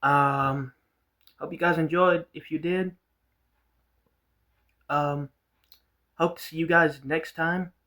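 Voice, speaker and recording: A man's voice: a little high, steady tone, takes it slowly, long pauses, sharp tone. Rambling man ranting on a vlog. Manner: rambling, repeats himself, swears. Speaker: vlogger reacting to a video. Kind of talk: casual ranting commentary.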